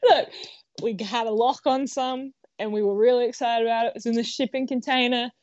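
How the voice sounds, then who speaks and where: A woman's voice: fairly high pitch, fairly even intonation, brisk, darkish tone, no room sound. Chatty woman, dry dull sound. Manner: chatty storyteller, playful asides. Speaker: co-host. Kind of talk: casual podcast news chat.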